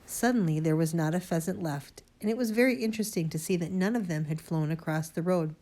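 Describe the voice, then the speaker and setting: Low mellow woman reading a storybook. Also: a little fast. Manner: lively expressive reading, first-person boy narrator. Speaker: audiobook reader. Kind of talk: storybook narration read aloud.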